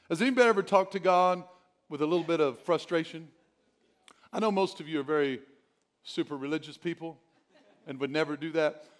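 A man's voice: fairly high pitch, normal speed, long pauses. A male pastor preaching a sermon, urging the congregation with emphatic repetition and the odd chuckle.

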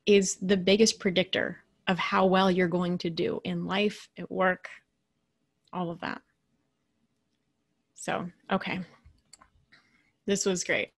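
Chatty woman coach giving a lecture. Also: mid-range voice. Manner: animated, chatty, acts out quoted voices; often adds "right?". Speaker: leadership coach and speaker. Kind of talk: casual lecture.

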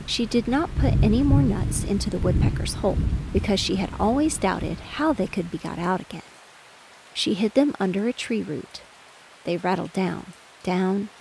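A woman narrating a children's bedtime story in a gentle, even reading voice. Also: mid-range voice, vocal fry, background noise. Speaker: audiobook narrator. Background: rain and distant thunder.

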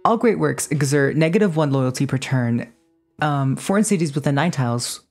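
Low-voiced excitable woman streamer. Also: moderate pace, soft background music. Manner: playful, teasing banter with chat; excitable outbursts. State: just woke up. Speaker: game streamer. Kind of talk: casual live gaming commentary.

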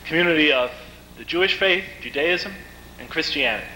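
A man giving a lecture, telling stories in a vivid, animated way. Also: fairly high pitch, a little fast, slight background noise, poor audio. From United States. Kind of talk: storytelling lecture.

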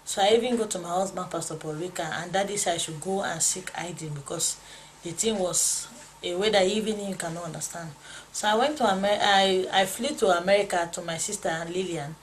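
A woman's voice: fairly low pitch, a little hiss or hum, poor audio. Earnest woman telling a dream testimony. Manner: earnest, storytelling, repeats lines with rising emotion. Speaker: pastor's wife sharing a dream testimony. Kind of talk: spoken testimony.

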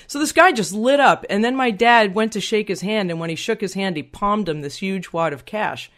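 Middle-aged woman guest recounting a memory; lively, heartfelt, voices the people she quotes. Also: medium pitch, normal speed. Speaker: podcast guest. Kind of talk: personal storytelling in an interview.

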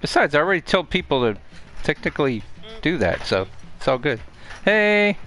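A man's voice: a little high, sing-song, a little fast, a bit bright. A man streaming a game live, casually commenting and mocking the characters on screen. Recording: music from the game behind.

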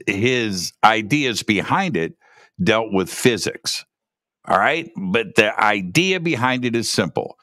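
A man co-hosting a casual discussion, talking in an animated way and often repeating words while he thinks. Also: on the low side, no echo, clean studio sound. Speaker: podcast co-host.

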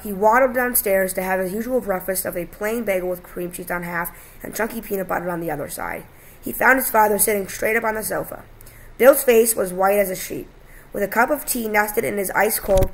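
A woman with a gravelly, fry-edged voice reads a homemade story aloud over a video call. She stumbles now and then and gives the characters' lines a little voice of their own. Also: fairly low pitch, rough recording. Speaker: podcast co-host reading a story aloud. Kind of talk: casual reading of a story.

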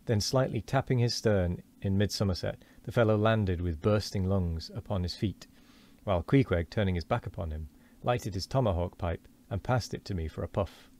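Deep-voiced man reading a novel aloud. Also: moderate pace, a little mellow. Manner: earnest reading with frequent stumbles and self-corrections.

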